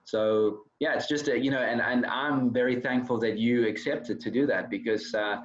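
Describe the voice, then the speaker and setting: A man's voice: medium pitch, steady tone, moderate pace. A male host asking questions in a rambling, friendly casual chat over a video call. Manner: rambling, friendly, repeats himself. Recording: dull lo-fi call audio.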